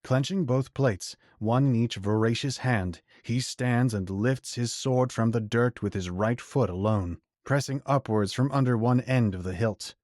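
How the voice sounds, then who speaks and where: A man reads a fantasy audiobook in a measured, even storytelling manner. His voice sits mid-range for a man. The recording is close and dry, with no room sound. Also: mid-range voice, no echo. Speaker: audiobook narrator. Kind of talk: scripted fantasy narration.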